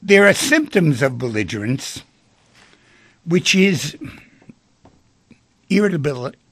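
A man's voice: on the high side, big pitch swings, takes it slowly, fairly bright tone, husky, no echo. A man hosting a call-in radio show, speaking animatedly and acting out the dialogue in the stories he tells. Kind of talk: talk radio discussion.

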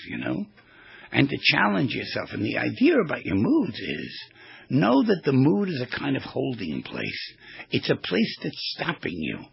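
A man hosting a radio talk show, telling stories in a rambling, animated way as a therapist. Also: mid-range voice, gravelly, husky, no room sound, muffled recording. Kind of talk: casual radio talk with storytelling.

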